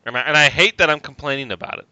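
A man co-hosting a casual chat, ranting and swearing with animated laughs, on a dry, slightly dull recording. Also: fairly high pitch, rapid-fire, no echo.

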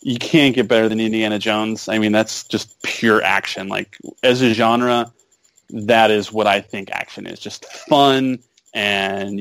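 A man's voice: on the low side, no echo. A man in casual chat, making joking, sarcastic asides.

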